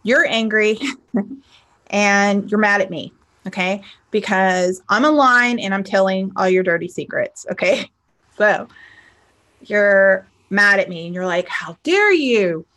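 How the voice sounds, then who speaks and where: A woman spiritual teacher and life coach, teaching casually to a camera in a chatty, animated way, often checking in with "okay?" and acting out both sides of an argument. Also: medium pitch, slow pace.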